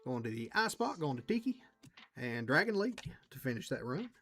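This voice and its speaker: A man's voice: medium pitch, very animated, moderate pace, fairly bright tone. A man hosting a trading card break livestream, chatting casually with viewers and reading out the cards he pulls. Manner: chatty, reads out cards and talks to chat.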